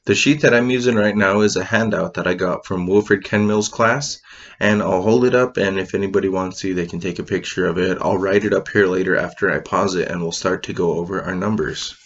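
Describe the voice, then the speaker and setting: In a classroom with a board, a man with a low, brisk voice teaches a language class. He patiently spells out each word and repeats it three times so learners can follow. The recording has a dull, lo-fi sound.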